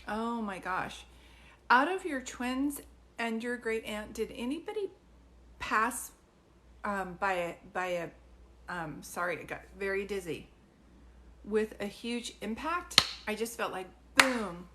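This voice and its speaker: A woman doing live psychic readings for viewers, chatty and informal, filling pauses with ums and calling people sweetie. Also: medium pitch, background noise. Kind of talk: livestream chat with viewers.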